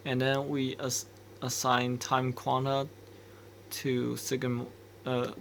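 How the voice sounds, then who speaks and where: An embedded developer talks slowly through a screen-recorded coding walkthrough, hesitating, thinking aloud and restarting as he works things out. His gravelly voice is flat in pitch, with a faint hiss behind it.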